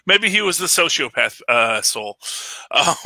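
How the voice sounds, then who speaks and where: A man's voice: fairly high pitch, very animated, measured pace, vocal fry, sharp tone, dry recording. A man hosting a casual podcast chat, rambling enthusiastically with frequent fillers and laughs. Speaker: podcast host reviewing a film.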